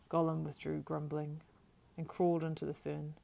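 A woman narrating a storybook aloud in a steady, measured reading with small slips. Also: low voice, vocal fry. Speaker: audiobook narrator.

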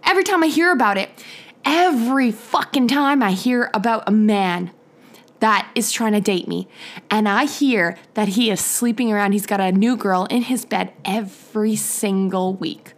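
A woman's voice: medium pitch, a little slow. A young woman hosting her own podcast, ranting bluntly and heatedly, swearing in nearly every sentence. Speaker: podcast host. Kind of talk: profane solo podcast rant.

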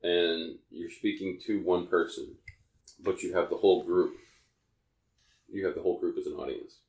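A man's voice: low-pitched, steady tone, normal speed, darkish tone, roomy sound. A man co-hosting a podcast, telling a long personal story in a rambling way and often restarting his sentences. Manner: rambling, self-correcting storyteller. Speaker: podcast co-host. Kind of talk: casual podcast chat.

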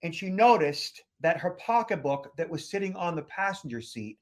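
A man's voice: on the high side, very animated, normal speed. A man co-hosting a podcast, telling a story in a rambling, casual way and often repeating words as he goes. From Boston area. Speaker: podcast co-host.

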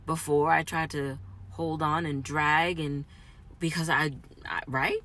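A woman in a raw, emotional personal monologue, moving between quiet reflection and angry outbursts. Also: low-pitched, steady tone, slow pace.

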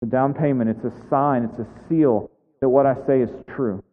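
A man's voice: mid-range voice, steady tone, normal speed. A male pastor preaching a sermon in a conversational way, often checking in with "right?". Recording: tinny phone-like sound with long hall reverb.

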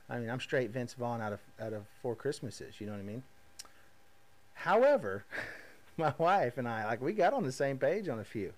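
A man, hosting a podcast and telling stories in a casual, folksy, energetic way full of asides. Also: medium pitch. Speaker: podcast host. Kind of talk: casual monologue.

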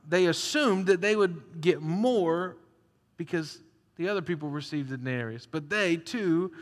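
A man preaching a sermon in an animated, conversational way, acting out the story as he goes. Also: high-pitched. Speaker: pastor. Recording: long hall reverb.

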